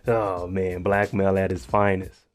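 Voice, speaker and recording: A man's voice: deep voice, little pitch movement, a little slow. A man giving a casual, joking recap of a TV episode, talking slangy and aside to the viewer. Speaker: TV recap host.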